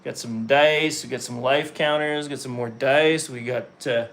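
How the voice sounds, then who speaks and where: A man's voice: mid-range voice, fairly even intonation, a little slow, a bit bright. A man from Calgary with an Alberta accent, chatting casually to viewers while opening trading card packs, laughing often. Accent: Albertan Canadian English. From Calgary, Canada. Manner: laid-back, chuckles often, talks to chat viewers. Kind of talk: casual pack-opening chat.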